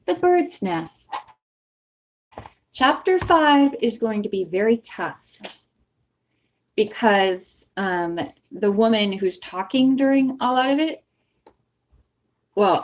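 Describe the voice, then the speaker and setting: Woman host chatting casually to viewers; slow, meandering, laughs at herself. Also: medium pitch. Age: young adult or older, has owned a bookmark since the nineties. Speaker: channel host who reads books aloud.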